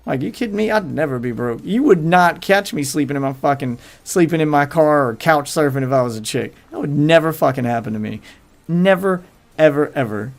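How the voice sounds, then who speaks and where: A man's voice: on the high side, lively intonation, brisk, vocal fry. A man hosting his livestream, telling crude rambling stories in casual chat with faint music behind him. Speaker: livestream host.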